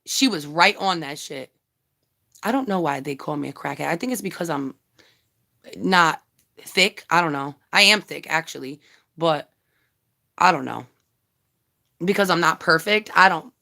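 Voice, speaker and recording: Unhurried and creaky, this woman's fairly low, sharp-toned voice leaves long pauses. As a YouTube commentary vlogger on a casual live stream, she speaks directly to her viewers in a heated, blunt rant full of free swearing.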